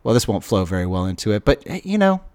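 A man's voice: on the low side, sing-song, quick pace, darkish tone, no echo, clean studio sound. Rambling man hosting college radio. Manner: rambling, self-deprecating, many fillers. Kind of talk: casual radio show chatter. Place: radio studio.

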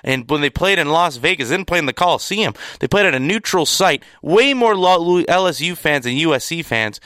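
A man's voice: fairly high pitch, lively intonation, brisk, fairly bright tone, no room sound, clean studio sound. A young man giving an opinionated sports recap, emphatic and exasperated, repeating words to drive home his points. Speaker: sports commentator.

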